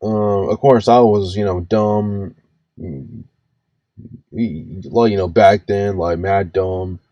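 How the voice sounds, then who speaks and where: A man's voice: deep voice, fairly even intonation, takes it slowly, no room sound, dull audio. A man in his twenties ranting in reaction commentary, stammering, restarting his words and swearing freely. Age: 20s. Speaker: commentary host reacting to a video.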